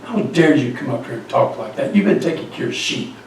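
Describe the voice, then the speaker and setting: A man's voice: medium pitch, expressive, a little fast, gravelly, a little mellow, heavy reverb, far from the mic, slight background noise, rough recording. A man retelling an older brother's scornful rebuke during a sermon.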